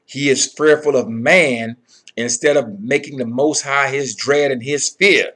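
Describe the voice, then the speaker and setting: A man's voice: mid-range voice, fairly even intonation, a little slow, bright, forceful tone. A man giving a Bible lesson, reading verses aloud and explaining them with emphatic commentary. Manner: emphatic, repeats phrases, frequent "okay" and "all right". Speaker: Bible teacher.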